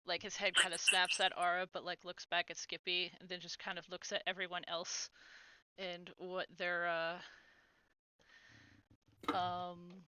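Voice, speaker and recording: Slow, bright-voiced woman game master. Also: fairly low pitch, level tone, clear, resonant tone, no room sound, poor audio. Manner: describes slowly with many fillers. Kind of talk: narrating a tabletop game.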